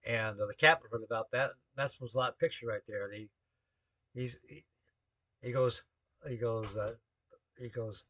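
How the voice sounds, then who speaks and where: A man's voice: mid-range voice, fairly even intonation, moderate pace, long pauses, bright, forceful tone, no room sound. An older man, a navy veteran, rambling through a spoken story to the camera with folksy, salty talk full of shipboard jargon.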